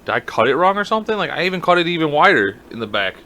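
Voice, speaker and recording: A man's voice: a little high, sing-song, very fast, pushed and bright. A young man co-hosting a casual podcast, joking crudely and swearing freely while smoking a cigar. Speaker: podcast co-host. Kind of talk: casual chat. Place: small room, smoking cigars. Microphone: studio mic on a desk.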